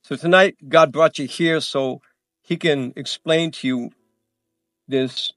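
A man pastor giving church announcements before his sermon, animated and excited, tripping over his words and laughing at himself. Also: on the high side, takes it slowly, dry recording, studio quality, soft background music. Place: church sanctuary.

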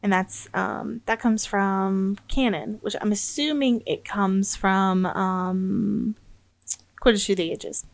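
A woman's voice: medium pitch, steady tone, slow, vocal fry. Giggly American woman podcast co-host. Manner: giggly, stumbles while reading aloud. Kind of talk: casual podcast chat.

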